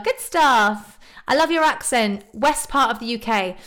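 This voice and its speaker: A woman's voice: on the high side, animated, moderate pace, fairly bright tone. A young woman from just northwest of London with a southern English accent, chatting casually on a live stream and answering viewers' questions with lots of ums and little laughs. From England, northwest of London. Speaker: YouTube singer hosting a live stream. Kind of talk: casual live-stream chat reading comments.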